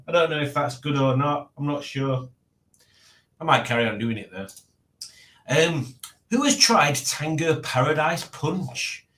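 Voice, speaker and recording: A man's voice: a little high, expressive, a little slow, a bit bright. A man hosting a casual livestream, rambling and chuckling to himself as he reads out chat messages. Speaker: livestream host. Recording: echoey room.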